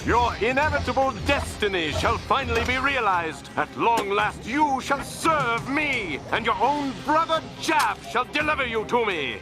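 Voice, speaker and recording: Commanding cartoon mad-scientist villain. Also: male voice, very high-pitched, big pitch swings, unhurried, hardly any pauses, full character voice. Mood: menacing. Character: scheming villainous mad scientist, male adult. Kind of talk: 1990s cartoon voice acting. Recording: cartoon audio played back with music.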